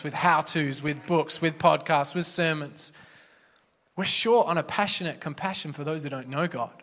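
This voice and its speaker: A pastor preaching a sermon in a church, passionate and emphatic, with repeated refrains. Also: male voice, high voice, a bit bright. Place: church auditorium. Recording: echoey hall reverb.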